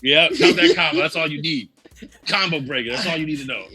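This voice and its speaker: A man co-hosting a casual chat show, animated and laughing often, acting out quoted lines as he talks. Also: a little high, a little fast, over music. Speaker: co-host. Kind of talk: casual chat about tabletop games and anime.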